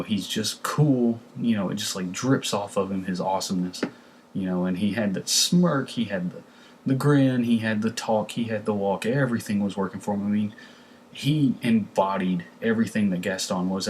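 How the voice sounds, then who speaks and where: A man's voice: on the low side, moderate pace, darkish tone, slight background noise. A man reviewing a film in a casual, rambling way, with many fillers and restarts. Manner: conversational, lots of fillers and restarts. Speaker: movie reviewer.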